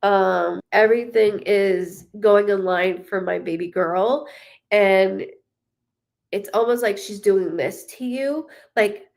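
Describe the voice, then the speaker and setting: A woman's voice: mid-range voice, takes it slowly, vocal fry, a little mellow. A woman medium doing a live reading, talking in an emotional, rambling way with many fillers as she relays spirit messages. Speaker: psychic medium.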